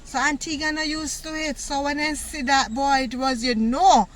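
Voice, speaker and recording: A woman from Jamaica with a Jamaican accent, telling a personal story in a casual, animated way, laughing often and using patois words. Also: high voice, normal speed. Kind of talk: casual story time monologue.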